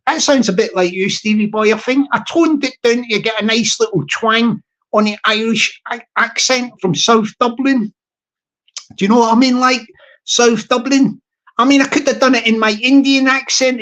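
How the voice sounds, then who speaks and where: A man's voice: very high-pitched, a bit bright, lo-fi sound. A man hosting a casual livestream chat, rambling and joking with his viewers. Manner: rambling, playful and jokey. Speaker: livestream host.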